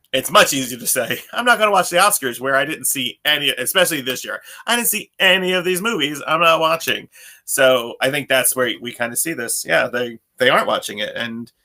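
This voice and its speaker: A man's voice: medium pitch, vocal fry, sharp tone. A man in his thirties co-hosting a podcast, rambling in casual chat, often restarting his sentences and laughing. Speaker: podcast co-host.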